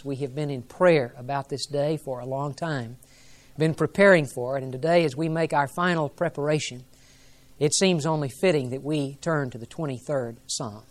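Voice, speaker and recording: A man's voice: on the high side, moderate pace. A male pastor preaching a sermon in an earnest, reverent way, building to emphatic rises.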